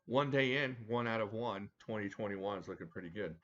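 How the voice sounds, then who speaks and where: A low-voiced man with a drawl chats loosely on a home live stream, greeting viewers by name and cracking jokes. The audio is a bit dull and lo-fi. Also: a little fast, a bit bright. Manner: chatty, joking, talks to viewers by name. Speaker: live stream host reviewing knives. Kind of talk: casual live chat reading viewer comments. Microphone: desk mic at a home setup.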